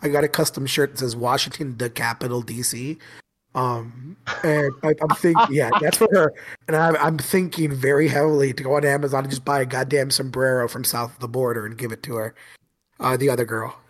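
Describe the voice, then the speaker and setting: A young man who teaches middle school, telling stories in a casual podcast chat, animated and laughing as he acts out his students. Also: mid-range voice, brisk.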